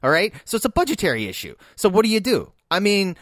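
A man's voice: high voice, wildly swooping pitch, quick pace, a bit bright, no echo. A man co-hosting a casual movie podcast, arguing bluntly and swearing heavily. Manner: blunt, argumentative, heavy swearing. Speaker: podcast co-host. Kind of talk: casual chat.

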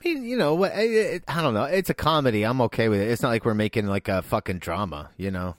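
A man co-hosts a casual film podcast in a mid-pitched voice. He is blunt and opinionated and swears in passing. His voice is recorded dry, with no room sound. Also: animated, fast, dry recording. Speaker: podcast co-host.

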